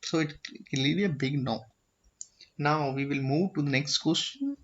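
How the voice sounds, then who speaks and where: A man with an Indian English accent, a little high-pitched, walks through a filing form step by step. He keeps asking "okay?" and restarts his phrases. The audio is dull and lo-fi. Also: a little slow. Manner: repeats "okay?" to check understanding, with frequent restarts. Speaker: tutorial presenter. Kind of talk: explanatory screen-share tutorial.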